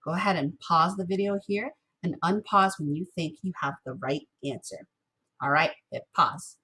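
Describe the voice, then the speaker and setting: A woman music teacher giving a recorded lesson, patiently encouraging students and chanting rhythm syllables slowly. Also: lowish voice, sharp tone, breathy edge.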